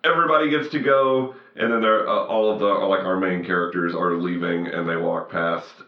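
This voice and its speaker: Deep-voiced man rambling, roomy lo-fi sound. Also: steady tone, brisk. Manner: rambling, many fillers and restarts, plays up film lines. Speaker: podcast co-host. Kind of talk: casual chat recapping a film.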